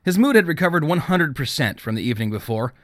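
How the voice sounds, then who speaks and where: A man reading an audiobook in scripted narration, with a steady, even storytelling manner on a close studio mic. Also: a little high, fast, dry recording.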